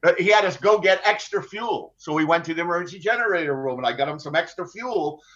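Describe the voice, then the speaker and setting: A man's voice: fairly high pitch, animated, fairly bright tone, muffled recording. Older man telling a wry story. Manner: wry, halting, full of restarts and laughs. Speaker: guest, former ship captain. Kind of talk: storytelling in a podcast interview.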